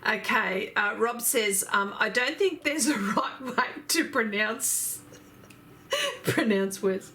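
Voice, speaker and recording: Woman, slow unhurried chat, fairly high voice, faint music behind. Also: expressive, sharp tone, a little hiss or hum. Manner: chatty, laughing, reads out viewer comments. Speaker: art livestream host reading chat. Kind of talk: casual chat.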